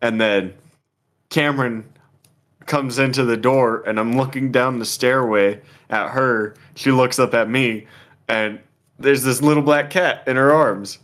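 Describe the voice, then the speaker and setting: A man's voice: medium pitch, fairly even intonation, a little slow, fairly bright tone. A young man telling a rambling story in a casual chat. He is laid-back, swears a lot and laughs often. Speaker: podcast co-host telling a story.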